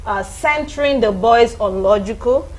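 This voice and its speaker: A middle-aged woman on a talk show, explaining parenting in a lively way and acting out children's and parents' voices. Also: a little high, unhurried, noisy background. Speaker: guest parenting expert. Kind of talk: studio talk show discussion.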